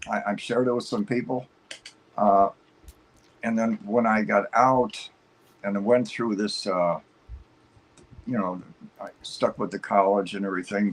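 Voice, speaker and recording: A man's voice: on the low side, slight background noise, rough recording. A man guest on a talk show, telling a long personal story in an upbeat, rambling way, full of fillers and restarts.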